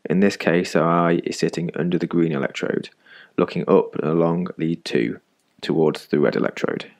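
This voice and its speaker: A man narrating an animated medical lesson in a calm, measured, scripted voice-over, recorded close on a studio mic. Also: low-pitched, gravelly. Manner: calm, measured explanatory delivery.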